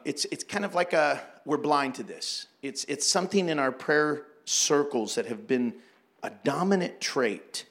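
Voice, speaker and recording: A man preaching a sermon, animated and joking, acting out prayers as he teaches. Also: fairly high pitch. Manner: animated, jokes and acts out prayers. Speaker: pastor.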